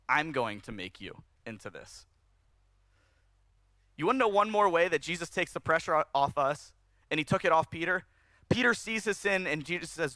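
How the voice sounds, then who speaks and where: A man preaching a sermon at a church service, conversational and animated, rising in emphasis as he speaks to the congregation. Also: medium pitch, normal speed, dry recording. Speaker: pastor.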